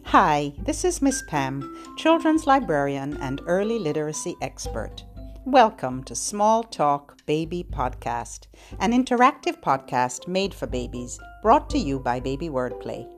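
Slow, sing-song woman librarian. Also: sits low, sing-song, soft background music. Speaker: children's librarian and podcast host. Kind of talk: gentle instructional talk for parents and babies.

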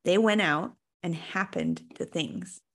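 A woman hosts a podcast in a casual, upbeat style. She is effusive and quick to praise her guest. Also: on the low side, huge pitch swings, a bit bright. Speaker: podcast host. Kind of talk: casual interview chat.

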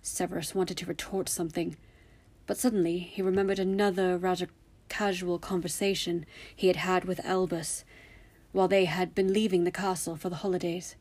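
Woman storyteller, low husky voice, steady narration. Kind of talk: story reading.

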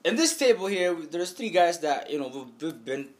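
A man's voice: fairly high pitch, very animated, moderate pace. A man hosting a casual podcast conversation, encouraging his guest and laughing along. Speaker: podcast host. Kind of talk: casual chat.

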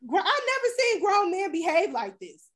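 A woman co-hosting a casual chat show, talking in a blunt, animated and profane way. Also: very high-pitched, normal speed, a loud crowd. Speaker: podcast co-host.

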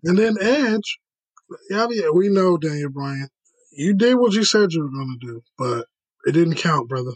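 A man's voice: a little high, animated, moderate pace, no room sound, poor audio. A man hosting a casual podcast chat, steering the talk and recapping events.

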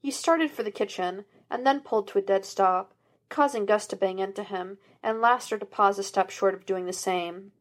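A woman narrating fan fiction in an even, unhurried reading voice. Plain and clear. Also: medium pitch. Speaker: audiobook reader.

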